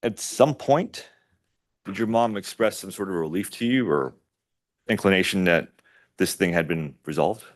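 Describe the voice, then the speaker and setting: A man acting as an attorney in a courtroom, questioning a witness in a measured, methodical way. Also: sits low.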